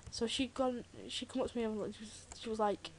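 Her voice is on the high side and fairly even in intonation, moving a little fast: a British teenage girl doing a Let's Play. She jokes and chats as she plays a video game, full of rambling asides, against loud keyboard clicking and typing.

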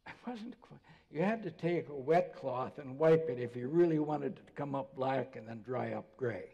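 An older male pastor gives a sermon in a storytelling way, his mellow, warm voice ringing out through a church with a long reverb. He talks to the congregation as if chatting, and turns quiet and gentle when he quotes someone. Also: mid-range voice, normal speed, vocal fry, dull audio. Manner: conversational storytelling preacher, drops to soft voice for quotes. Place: church sanctuary.

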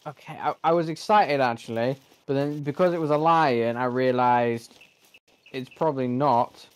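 A gamer in the middle of a playthrough, grumbling and swearing as the game refuses to cooperate. The voice sits at a middling pitch, with complaints aimed straight at the screen. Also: normal speed, clear, resonant tone. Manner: frustrated, swears often, talks to the game. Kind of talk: gameplay commentary.

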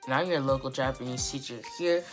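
A woman teaching Japanese in a casual video lesson, rambling a bit, correcting herself and repeating words slowly to demonstrate. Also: a bass voice, music in the background.

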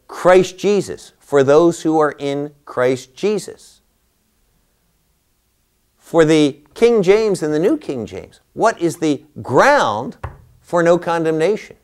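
A man teaching a Bible class, lecturing through a passage and posing rhetorical questions to his listeners. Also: on the high side.

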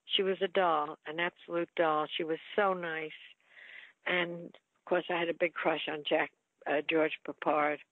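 A woman's voice: deep voice, unhurried, dry recording. An older actress, telling chatty stories about her film career in an interview. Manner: chatty storyteller, lively quoted asides. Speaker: actress guest. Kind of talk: reminiscing interview. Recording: tinny phone-like line.

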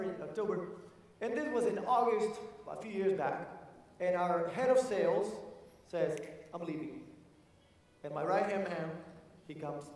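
A man with a high, bright voice delivers an energetic motivational talk, repeating his key phrases and asking the audience questions. He is picked up from a distance in a big hall, and a long reverb trails after his words. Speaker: keynote speaker. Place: large conference hall. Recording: echoey hall from far off.

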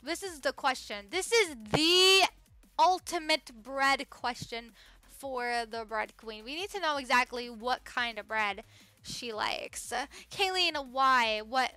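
A young woman streaming a game live, bubbly, greeting viewers by name and swinging between excited squeals and quiet murmurs. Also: high-pitched, a little slow, no room sound. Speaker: livestreamer. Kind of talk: live-stream gaming chat.

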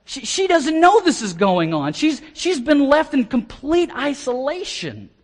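An American man preaching an expository sermon as pastor, animated and often repeating words as he starts a phrase. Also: very high-pitched, unhurried. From United States.

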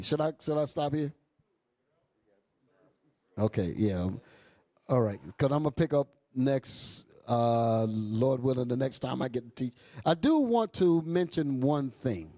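A male bishop preaching a sermon with impassioned bursts and low asides, calling out to the congregation. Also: warm tone, no echo. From New York. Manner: calls out to the congregation. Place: church hall.

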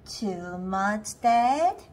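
A woman's voice: mid-range voice, expressive, very slow, darkish tone. A woman voicing an eager, helpful little boy critter in a chirpy child voice for a storybook read-aloud.

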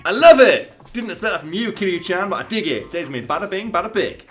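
A man voicing a loud, quick-tempered male TV director in a game, reading the dialogue in a showy, theatrical way. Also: medium pitch, sing-song, soft background music. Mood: gushing. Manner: showy, theatrical, sudden outbursts.

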